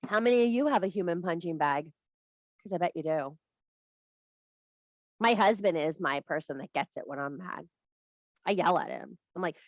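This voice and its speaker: A woman's voice: medium pitch, lively intonation, normal speed, long pauses, no echo, low-quality recording. Blunt, profane woman teacher. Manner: profane, blunt, tough-love, laughs at herself. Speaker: spiritual course teacher. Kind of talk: blunt motivational talk to a group.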